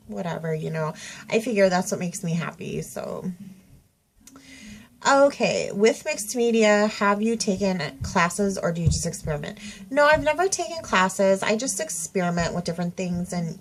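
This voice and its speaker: A woman chats through a casual craft tag video, her voice a little stuffy from a blocked nose. She talks on the low side, rambling and correcting herself with plenty of fillers. A faint background hum sits under her voice. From Minnesota. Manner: rambling, chatty, full of fillers and self-corrections. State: stuffy-nosed. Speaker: craft vlogger. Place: home craft room.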